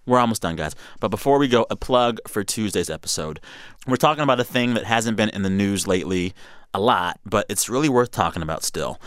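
A man's voice: lowish voice, clean tone, no echo, clean studio sound. A man hosting a casual news podcast, reading quotes aloud and joking with his co-hosts. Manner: animated, playful, reads quotes aloud. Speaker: podcast host.

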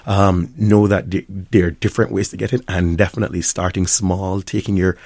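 A middle-aged man with a Jamaican accent talks in an upbeat, easygoing way, with a lowish voice. He laughs often as he chats in an interview. The sound is dry and close. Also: level tone, fairly quick, darkish tone, no echo. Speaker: restaurant owner and chef. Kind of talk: interview conversation.

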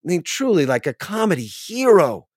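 A man, an actor, telling a casual anecdote from a film set, animated and quick to laugh. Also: high-pitched, husky, dry recording, studio quality. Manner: animated, laughs often, mimics others' voices. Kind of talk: casual storytelling.

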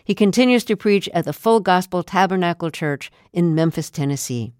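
A woman radio host asking interview questions and reading scripted introductions in a measured, composed way at a studio microphone. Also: on the low side, expressive, a little mellow, clear, resonant tone, no room sound.

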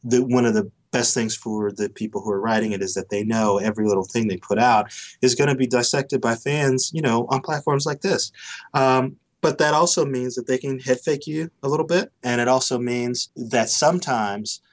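A man's voice: medium pitch, moderate pace. A man as a podcast guest, speaking thoughtfully and often repeating words as he starts a thought. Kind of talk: casual podcast interview.

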